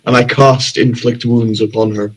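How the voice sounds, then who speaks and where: Man, tabletop player, mid-pitched voice, solemn dramatic narration. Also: flat delivery, normal speed, poor audio. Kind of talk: tabletop play with in-character narration.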